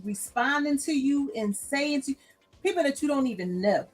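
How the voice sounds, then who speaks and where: A woman guest in a casual chat, talking in an animated way and acting out other people's voices. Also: sits high, normal speed, faint music behind, poor audio. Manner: animated, acts out characters' voices. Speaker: guest, author.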